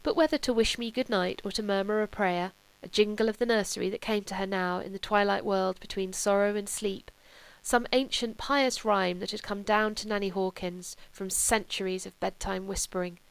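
A woman narrating a literary audiobook in a calm, measured way, dropping to a hush in quiet passages. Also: mid-range voice, creaky, smooth, dry recording.

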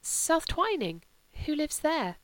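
A woman voicing a gracious aristocratic older lady with a gentle, sweetly ironic manner. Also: mid-range voice, expressive, normal speed, vocal fry, no echo, low-quality recording.

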